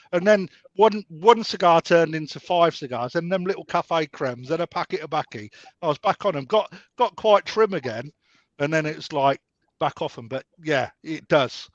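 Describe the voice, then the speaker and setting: A man chatting on a video call, swearing freely and spinning rough anecdotes. His voice sits a little high and sounds dry and close, squeezed through dull, lo-fi call audio. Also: animated, moderate pace, a bit bright, no room sound. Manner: blunt, sweary, storytelling. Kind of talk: casual group chat.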